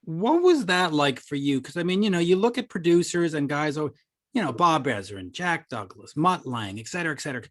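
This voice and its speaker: A man's voice: fairly high pitch, sing-song, a little fast, no echo, clean studio sound. Chatty middle-aged man hosting interview. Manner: chatty, stammering question restarts. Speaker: host. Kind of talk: casual interview chat.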